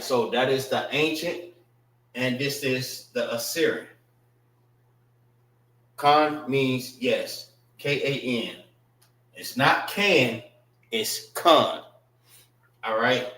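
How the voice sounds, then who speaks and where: A man's voice: medium pitch, takes it slowly, fairly bright tone, reverberant. A man teaching a class, patiently repeating words and spelling them out letter by letter. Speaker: class instructor. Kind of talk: classroom lesson on writing and pronunciation.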